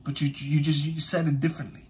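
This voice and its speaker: A man's voice: a little high, flat delivery, fast talker. A man speaking, giving impassioned online commentary, emphatic and repetitive, addressing his audience directly.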